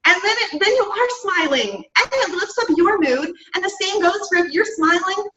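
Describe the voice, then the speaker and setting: A woman's voice: very high-pitched, expressive, normal speed, bright, forceful tone. A woman giving an upbeat, chatty motivational talk to her business team, often saying "guys" and "right?". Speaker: fitness business coach. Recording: roomy, distant, dull-sounding mic.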